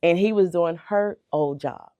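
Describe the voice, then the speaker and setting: A woman's voice: fairly low pitch, a little slow, dark tone, dry recording, dull audio. A middle-aged woman, a bakery owner, telling her story in a radio interview, earnest and heartfelt, sometimes repeating words when moved. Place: radio studio. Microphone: radio studio microphone.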